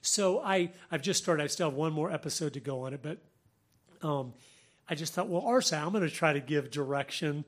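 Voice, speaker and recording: A man hosting a Christian talk show, speaking earnestly, laughing often and quoting people in lively voices. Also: on the high side, brisk. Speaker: Christian podcast host. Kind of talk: religious commentary, conversational.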